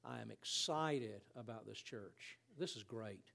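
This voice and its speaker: A man's voice: fairly low pitch, unhurried, vocal fry, bright, forceful tone. A man, a visiting speaker, greeting a church congregation in a folksy, joking way. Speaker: guest speaker, ministry president. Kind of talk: friendly guest address to a church.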